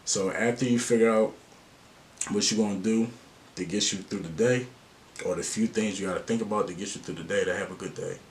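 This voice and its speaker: A man's voice: on the low side, fairly quick, slight background noise. A man vlogging life advice in a slangy, earnest and open way. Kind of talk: casual to-camera talk.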